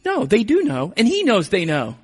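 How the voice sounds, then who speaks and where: A man preaching a sermon as pastor, moving between emphatic passages and hushed, slow reflection. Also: sits high, huge pitch swings, breathy edge, big-room sound.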